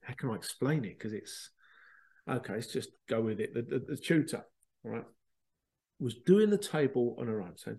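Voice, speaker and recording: A man, a spiritual medium, casually telling a rambling, excitable story, repeating himself and swearing now and then. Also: mid-range voice, normal speed, gravelly. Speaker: spiritual medium and podcast host.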